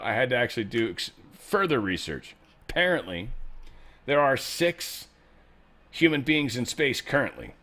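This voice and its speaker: A man hosting a casual news commentary show. He rambles, jokes and swears, and his pitch and loudness swing a lot. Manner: joking, rambling, profane. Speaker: show host.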